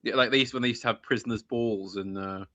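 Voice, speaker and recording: A man hosting a casual chat, enthusiastic, halting and restarting, and often laughing. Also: medium pitch, fairly even intonation, pushed and bright, no echo.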